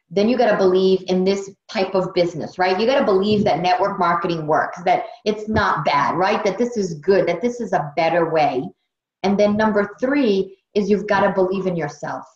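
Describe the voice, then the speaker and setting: A woman's voice: medium pitch, darkish tone. A Brazilian-born woman hosting a motivational team training on a video call, earnest and emotional, repeating phrases for emphasis and sounding tired. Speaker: training host. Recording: dull roomy video call audio.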